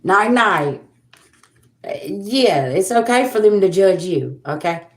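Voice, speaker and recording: A woman's voice: mid-range voice, expressive, slow pace, reverberant. A woman, hosting a casual tarot livestream and talking bluntly to viewers, swearing freely and with sass. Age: 40s. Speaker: tarot reader and livestream host.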